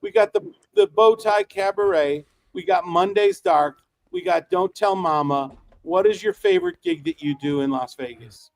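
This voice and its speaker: A man's voice: high voice, very animated, normal speed, gravelly, no room sound, poor audio. Male podcast co-host and producer, showman style; dry close sound. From Wisconsin. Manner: showman-like, jokey. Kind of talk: casual banter with emcee-style introductions.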